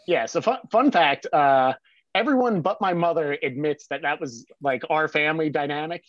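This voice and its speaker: A man's voice: a little high, normal speed, a bit bright, dry recording, dull audio. A man from South Jersey, a podcast guest, telling stories in a rambling way full of fillers. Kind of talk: casual storytelling.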